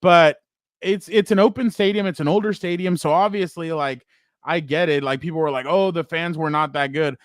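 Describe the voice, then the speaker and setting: A young man co-hosting a casual sports podcast. He tells stories with excitement, laughs as he goes, and acts out other people's lines. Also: a little high, moderate pace, no room sound, clean studio sound. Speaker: podcast co-host.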